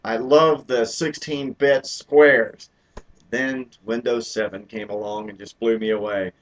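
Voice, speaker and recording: A man's voice: mid-range voice, steady tone, a little slow. A man hosting his own live stream, chatting casually and poking fun at himself, with lots of filler words. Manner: rambling and self-deprecating, many filler words. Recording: dull lo-fi live stream audio.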